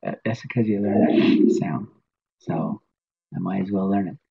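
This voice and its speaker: A man's voice: deep voice, moderate pace, gravelly, dull audio, a little hiss or hum. A man teaching a language lesson, patiently repeating each word many times.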